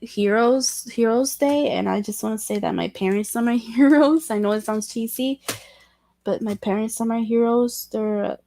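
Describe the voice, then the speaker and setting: A woman hosting a casual livestream chat with viewers, talking in a halting way with many restarts and self-corrections, candid and self-deprecating. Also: on the high side, mellow. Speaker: livestream host chatting with viewers.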